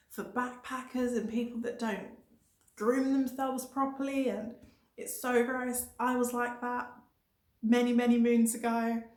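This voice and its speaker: A young woman vlogger giving emphatic, motivational budget travel tips, repeating her points for stress. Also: on the high side. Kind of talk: energetic budget travel advice. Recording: echoey room.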